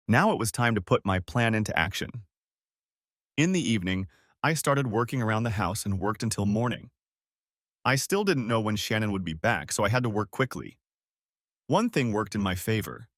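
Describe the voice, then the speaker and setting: Guy reading a first-person story out loud, lively pitch, super dry close mic. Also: no echo. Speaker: story narrator.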